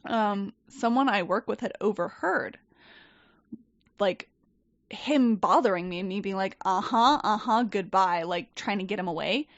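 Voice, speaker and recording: A woman telling a story in casual chat, animated and swearing, acting out quoted people. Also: medium pitch, unhurried, no room sound. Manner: animated, profane, quotes people in lively voices. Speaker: podcast guest. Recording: dull, dry podcast mic.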